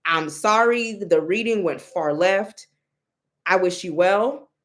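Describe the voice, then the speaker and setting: A young woman telling a story in a casual, expressive way, exclaiming and mimicking others, with many restarts. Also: fairly low pitch, slow. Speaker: storyteller recounting a reading.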